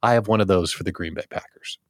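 A man's voice: deep voice, fast talker, no echo, studio quality. A middle-aged man hosting a live show, talking to his viewers in a playful, upbeat way. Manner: playful, animated, talks straight to viewers. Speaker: host of a daily live small business show. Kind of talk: upbeat live-stream talk.

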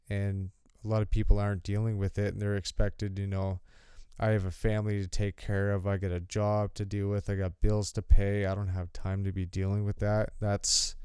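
A man talks on his own podcast in an easygoing, candid ramble, dotted with ums and an occasional curse. His voice sits fairly low and stays flat, with a mellow, smooth tone. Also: no room sound, studio quality. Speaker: solo podcast host. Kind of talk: casual solo podcast talk.

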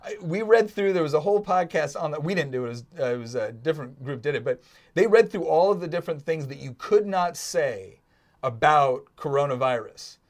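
Excitable man hosting a podcast. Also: on the high side, a little fast. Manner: excitable, emphatic, laughs often. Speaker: podcast host. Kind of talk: casual chat.

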